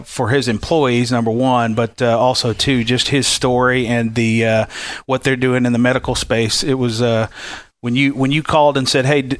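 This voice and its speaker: A man representing a chaplaincy group in a podcast interview, speaking in an unhurried way with many fillers. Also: medium pitch, dry recording. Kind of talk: casual interview.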